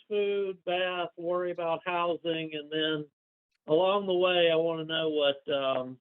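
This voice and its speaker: A man playing in a tabletop role-playing game, sounding exasperated as he tries to organize the group. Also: a little high. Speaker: player. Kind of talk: casual tabletop play. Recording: tinny phone-like line.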